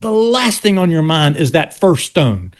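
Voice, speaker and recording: A man's voice: a little high, big pitch swings, measured pace. An older man from South Carolina with a Southern US accent, a history teacher explaining his argument in an interview with restarts and pointed asides.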